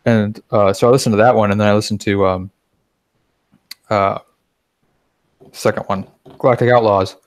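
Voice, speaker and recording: Low-voiced man in dry casual chat. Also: fairly even intonation, moderate pace, pauses often, dry recording. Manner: chatty, acts out quoted remarks.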